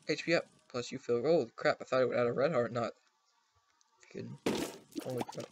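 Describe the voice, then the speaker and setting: A man's voice: medium pitch, fairly quick, gravelly, pauses often. A young man casually commenting on the video game he is playing, chatty and goofy, talking to his pets at home. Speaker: gaming channel host. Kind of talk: casual let's play commentary. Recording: noisy home recording.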